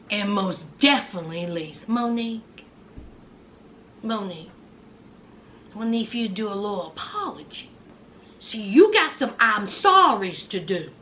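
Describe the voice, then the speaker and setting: A woman's voice: mid-range voice, bright, forceful tone, slight background noise. A woman giving a blunt, mocking commentary recap of a reality TV episode, talking straight at the people she discusses and acting out what they said. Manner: acts out quoted lines in put-on voices.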